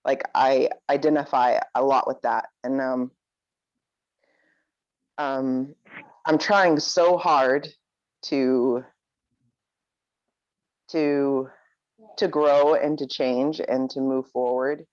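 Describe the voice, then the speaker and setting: A person on a coaching video call sharing hesitantly, pausing and restarting often. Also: medium pitch, steady tone, dry recording, highs cut off. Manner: hesitant, many fillers and restarts. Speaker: coaching client.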